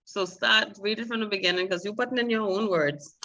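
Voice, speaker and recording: A woman's voice: mid-range voice, steady tone, fairly quick, pushed and bright, lo-fi sound. A woman teaching a beginner Spanish class, explaining patiently step by step and calling on students.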